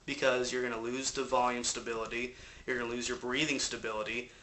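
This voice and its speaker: Bright-voiced man teaching screaming technique. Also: medium pitch, little pitch movement, fast. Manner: loose, rambling explanations with fillers and occasional swearing. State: has a cold. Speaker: vocal coach. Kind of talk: casual instructional talk. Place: apartment.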